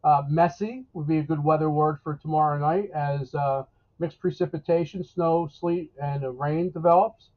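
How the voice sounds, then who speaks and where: A New weatherman chats about the forecast in a rambling, folksy way, stopping and restarting his sentences. His voice sits a bit high for a man. It comes through a thin, tinny, phone-like line. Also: steady tone, normal speed. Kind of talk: casual live interview.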